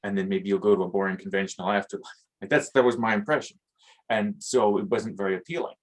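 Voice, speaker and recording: A man who hosts his own podcast, talking through his ideas in a reflective, hesitant way with many pauses and fillers. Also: fairly low pitch, steady tone, poor audio. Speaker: podcast host. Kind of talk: reflective conversation.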